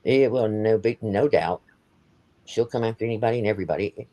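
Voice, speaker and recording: A man's voice: lowish voice, brisk, warm tone, muffled recording. Heated, blunt man ranting on a livestream. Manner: heated, blunt, swears, repeats himself. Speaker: livestream host. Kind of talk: ranting live-stream chat.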